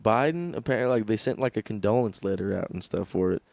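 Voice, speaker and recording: A man's voice: on the low side, lively intonation, quick pace, vocal fry, a little mellow, no room sound. A young man co-hosting a podcast in casual comedic chat, laughing often and riffing with impressions. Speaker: podcast co-host.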